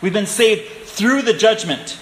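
A male pastor preaching a sermon, earnest and emphatic, slowing down to stress key phrases. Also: sits high, animated, a bit bright, a little hiss or hum. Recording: echoey room with faint ambience.

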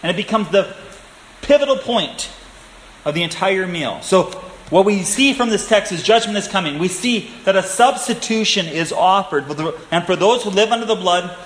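Man, pastor, high voice, emphatic sermon delivery, echoey sanctuary. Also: animated, fairly bright tone, slight background noise. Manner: earnest, emphatic, slowing on key phrases. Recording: echoey room with faint ambience.

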